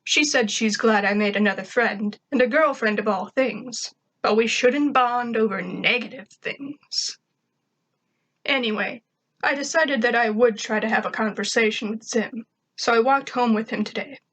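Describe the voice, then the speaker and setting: A woman's voice: on the high side, moderate pace, fairly bright tone, rough recording. A woman reading a first-person fan fiction story aloud in a wry, conversational way. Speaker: narrator.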